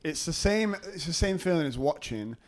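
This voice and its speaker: A man's voice: a little high, expressive. Joking Mancunian man, faint hiss. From Manchester, England. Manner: quick-witted, lewd jokes, laughs often. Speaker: podcast co-host. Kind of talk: casual film chat.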